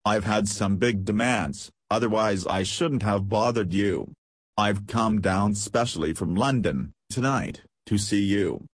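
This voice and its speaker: A man's voice: fairly low pitch, unhurried, breathy edge, dry recording. Man doing a whining little tradesman. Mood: apologetic. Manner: whining, pleading, desperate. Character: small, bald, melancholy male tradesman chasing a debt. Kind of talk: audiobook character reading.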